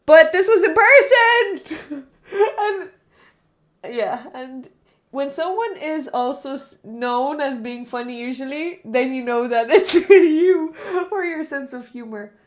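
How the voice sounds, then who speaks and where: A woman's voice: sits high, slow pace, a little mellow. A young woman streamer chatting casually with her live chat, rambling, correcting herself and laughing often.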